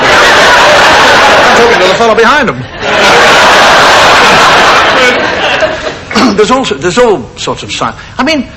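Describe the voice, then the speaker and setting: A middle-aged male comedian spins a chatty stand-up routine, acting out yawns, scratches and rude gestures. His voice is unusually high and jumps all over the place. It sounds like an old television broadcast, with a laughing audience and steady hiss in the background. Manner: conversational storytelling, acting out gestures and noises. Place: stage before a live audience.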